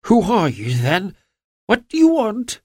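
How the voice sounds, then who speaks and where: A man's voice: high voice, animated, measured pace, no room sound, clean studio sound, pitched above the performer's own voice. A man voicing a frightened, whining little man with a quavering, pleading voice.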